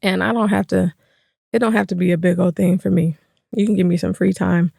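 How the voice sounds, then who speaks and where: A woman's voice: lowish voice, steady tone, brisk, vocal fry, mellow, dry recording, studio quality. A middle-aged woman co-hosting a casual chat, laughing often as she tells family stories and acts out quoted voices. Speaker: co-host.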